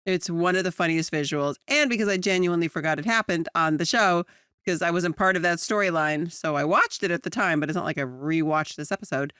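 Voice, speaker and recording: A woman co-hosting a podcast, chatting casually about a sitcom episode, animated and laughing often. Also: brisk, clear, resonant tone, no echo, studio quality. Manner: animated, laughs often, jumps to high excited pitch. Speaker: podcast co-host.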